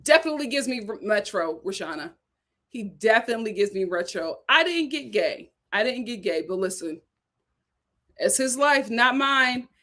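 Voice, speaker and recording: A woman with a slightly high voice hosts a casual live stream, reading viewer comments aloud one after another. She reacts to each with emphatic, animated commentary, repeating her points for effect. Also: moderate pace.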